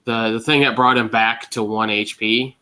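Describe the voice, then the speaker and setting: Man, unhurried, hesitant, crisp bright tone, casual panel. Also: lowish voice, little pitch movement. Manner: unhurried, searches for words, trailing phrases. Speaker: panel guest.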